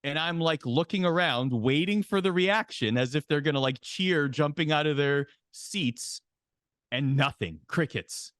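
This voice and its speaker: A man telling a long anecdote as a guest on an interview show, animated and jumping his voice up high for quoted lines. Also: a little slow, no room sound, clean studio sound. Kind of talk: storytelling in interview.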